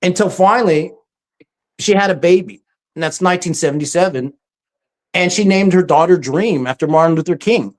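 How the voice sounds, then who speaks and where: A presenter giving a casual, story-driven talk over slides, often pausing with "um" and acting out quoted speech. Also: mid-range voice. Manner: frequent ums and restarts.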